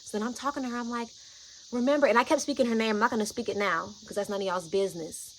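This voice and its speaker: A woman vlogger telling a personal story, chatty and animated, often saying "like" and "y'all". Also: medium pitch, rapid-fire, slight background noise, low-quality recording.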